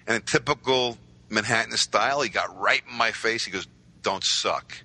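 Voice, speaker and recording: A man, telling stories as a podcast guest with lively voiced quotes. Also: mid-range voice, a little fast, low-quality recording. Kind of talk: casual storytelling.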